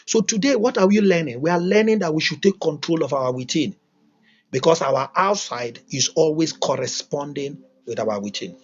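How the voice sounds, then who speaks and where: A man's voice: fairly high pitch, lively intonation, normal speed, slightly rough. A man giving a livestreamed motivational talk, emphatic and repetitive, asking lots of rhetorical questions. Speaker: motivational teacher. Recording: dull lo-fi recording.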